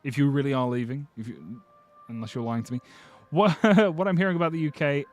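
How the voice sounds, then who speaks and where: A man's voice: mid-range voice, a little fast, faint music behind. A man streaming, casually chatting and joking as he reads viewer comments, swearing freely and restarting his sentences. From United Kingdom. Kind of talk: casual livestream chat reading viewer comments.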